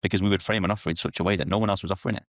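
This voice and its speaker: A man, a podcast guest explaining sales in an animated way and acting out client conversations. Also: deep voice, racing, no room sound, studio quality. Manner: animated, acts out sales dialogues in quotes. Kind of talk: podcast interview.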